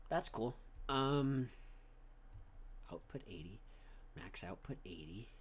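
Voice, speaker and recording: Young man, gaming commentary, rambling, goofy, swooping pitch, mumbles under breath. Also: animated, slow, a little hiss or hum. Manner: rambling, goofy, trails off and slips into whispery mumbling. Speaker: gaming channel host. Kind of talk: casual let's-play commentary.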